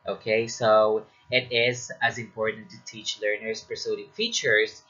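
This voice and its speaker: A man teaching as a lecturer in a deliberate way, often checking in with the listener. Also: on the low side, level tone, pushed and bright, highs cut off. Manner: slow and deliberate, checking in with "okay?". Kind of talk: recorded lecture.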